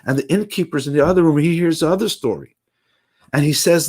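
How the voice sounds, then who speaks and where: A man giving a daily holiday message, retelling a story in a lively way with frequent restarts. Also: fairly high pitch, fairly quick, slightly rough. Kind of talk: animated storytelling.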